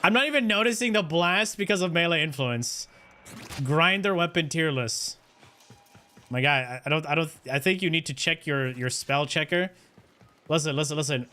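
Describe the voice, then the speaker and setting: A man's voice: fairly high pitch, moderate pace, pushed and bright. A man streaming a game, chatting casually with his viewers in a rambling, self-mocking way. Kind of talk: casual game livestream chat.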